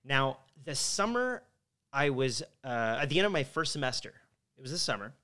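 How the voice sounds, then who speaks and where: A man's voice: mid-range voice, sing-song, normal speed, pushed and bright. Swearing, loose-storytelling young man. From Montreal, Canada. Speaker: guest. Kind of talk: casual podcast interview. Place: podcast studio.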